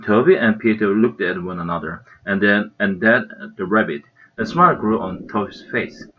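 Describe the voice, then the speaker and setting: A man's voice: lowish voice, normal speed. A man with a Korean accent and Korean as his first language, reading a children's novel aloud earnestly, with small slips and restarts. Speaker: English reading channel host. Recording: slightly muffled lo-fi recording.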